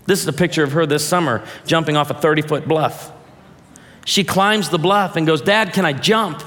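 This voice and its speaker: A pastor in his forties preaches from a stage, his voice a touch high and ringing through a large hall with a long reverb. He teases the crowd and asks for shows of hands, then softens into heartfelt family stories. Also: normal speed. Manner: playful, addresses the audience directly, jokes then turns heartfelt. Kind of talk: humorous sermon storytelling. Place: large hall or church auditorium, before an audience.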